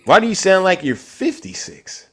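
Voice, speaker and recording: A man with a slightly higher voice hosts a live stream. He argues with callers and keeps turning back to his chat audience in a combative way. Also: big pitch swings, moderate pace, slightly rough. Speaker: livestream host.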